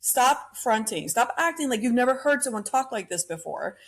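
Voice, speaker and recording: A woman's voice: on the high side, lively intonation, moderate pace. A woman hosting a solo podcast, ranting bluntly and opinionatedly about pop culture and swearing freely. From Cuban-American. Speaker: podcast host.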